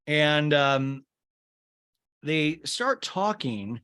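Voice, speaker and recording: Animated chatty man hosting a podcast. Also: on the high side, drawn-out words, clean tone. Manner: chatty, sarcastic, addresses listeners as "you guys". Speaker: podcast host. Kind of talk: casual recap commentary.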